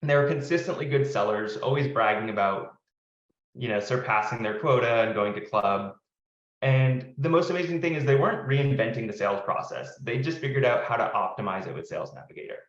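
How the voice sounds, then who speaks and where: A man's voice: mid-range voice, brisk, roomy sound, muffled recording. A man hosting a webinar as a product marketer, speaking in a friendly, conversational way. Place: home office.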